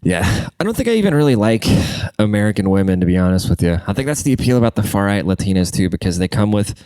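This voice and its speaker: Young man, solo podcast host, congested, crude rambling rant, lowish voice, smooth, dry close sound. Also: big pitch swings, fast talker, no room sound. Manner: crude, rambling, jumps between loud and muttered.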